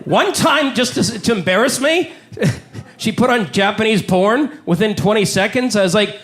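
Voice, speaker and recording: A brash comedian in his forties tells profane stories on stage at a comedy club. His voice sits high for a man. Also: animated, moderate pace, a bit bright. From Canada. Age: 40s. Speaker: stand-up comedian. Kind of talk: live stand-up set.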